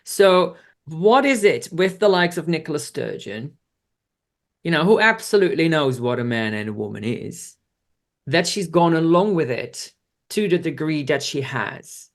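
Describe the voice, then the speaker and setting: A woman interviewer in a casual chat, asking long, rambling questions in a quick, chatty way. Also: low voice, big pitch swings.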